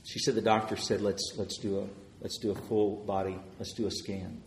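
A man preaching a sermon, telling stories of answered prayer and swelling louder as he retells people's words. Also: fairly low pitch, little pitch movement, normal speed, reverberant, a little hiss or hum.

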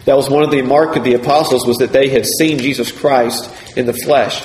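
A man preaching a sermon in a deliberate, emphatic way, repeating key phrases for emphasis. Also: mid-range voice, steady tone, darkish tone, a little hiss or hum. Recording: echoey hall, faint ambience.

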